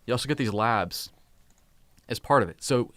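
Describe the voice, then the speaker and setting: An upbeat man in his thirties hosts a casual live stream, speaking at an ordinary pitch. He talks in quick, eager bursts and keeps hushing the children around him. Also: expressive, slight background noise. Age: 30s. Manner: upbeat, hurried, often hushing his kids. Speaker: host.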